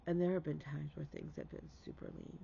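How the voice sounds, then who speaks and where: A man's voice: on the high side, sing-song, brisk, vocal fry, lo-fi sound, noisy background. A man hosting a stitching vlog, telling a heartfelt story in casual chat and dropping to a whisper for emphasis.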